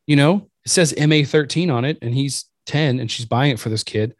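A man in casual podcast chat, telling an animated anecdote and acting out the people in it. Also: mid-range voice, fairly quick, dry recording, studio quality. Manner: animated anecdote-telling, acts out quoted voices.

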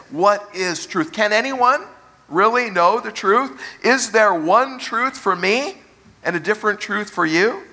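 Male pastor, sermon, slightly high voice, bright, rhetorical questions, slows on key words. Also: gravelly.

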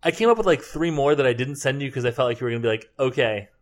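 A man's voice: medium pitch, animated, racing. A young man co-hosting a casual chat, joking and rambling, often correcting himself mid-sentence.

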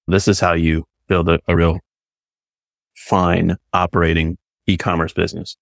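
A man from California hosting a casual business podcast, talking in a relaxed way and repeating words as he thinks. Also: sits low, normal speed, creaky, no echo, clean studio sound. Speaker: podcast host.

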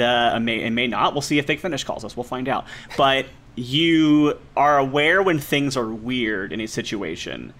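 A man's voice: mid-range voice, a bit bright, slight background noise. Man running a tabletop game. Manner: explanatory, laughs easily. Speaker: game master. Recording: remote recording.

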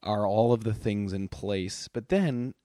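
A man hosting a relaxed, casual chat, talking softly and meandering, often trailing off into quiet asides. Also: fairly low pitch, measured pace, dry recording, studio quality. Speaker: podcast host. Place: indoors, lying on a couch cushion on the floor.

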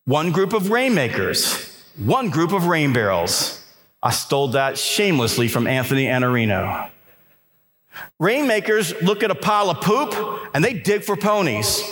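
A man giving an energetic motivational speech to a live audience in a conference hall, telling stories and urging listeners to work hard. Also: on the high side, moderate pace. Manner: energetic storytelling with repeated restarts and emphatic exhortations. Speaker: motivational keynote speaker.

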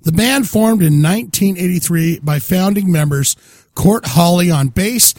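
Excitable high-voiced podcast man. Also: unhurried, no room sound. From Utah. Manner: excitable, crude, jokey, stammers and restarts. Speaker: podcast co-host. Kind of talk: casual chat.

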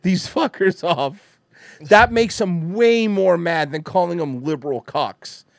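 A man's voice: high-pitched, slow pace, gravelly, no room sound, clean studio sound. A man hosting a livestream, ranting casually in a profane, sarcastic and mocking way. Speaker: livestream host. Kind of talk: casual commentary rant.

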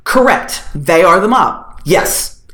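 A woman's voice: fairly low pitch, lively intonation, takes it slowly, fairly bright tone. A woman hosting a podcast, telling a story in casual chat with sarcastic, profane flair. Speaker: podcast host. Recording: roomy echo.

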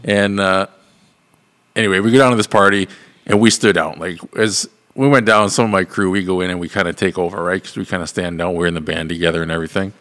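A man co-hosts a casual podcast, telling a rambling, profanity-laced story and laughing along the way. His voice sits a little low. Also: steady tone, fast talker, a bit bright. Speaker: podcast co-host.

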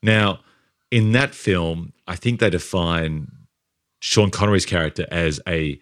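Deep-voiced man musing about films. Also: unhurried, a bit bright, dry recording, studio quality. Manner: thoughtful, builds long hypotheticals. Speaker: film podcast co-host. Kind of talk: casual film discussion.

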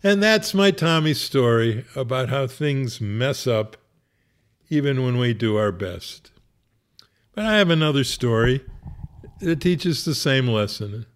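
A man's voice: mid-range voice, lively intonation, unhurried. A man who is a rabbi, wryly telling a humorous personal story in a conversational way. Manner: wry, conversational, laughs at his own story.

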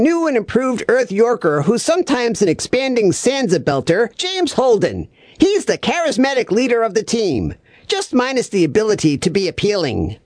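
Clueless male reviewer, voiced by a woman: chirpy, lively sing-song pitch, dry close sound, absent-minded babble. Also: no echo. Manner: chirpy, absent-minded, malapropisms and doubled words. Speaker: comedic reviewer. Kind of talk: scripted comedy monologue.

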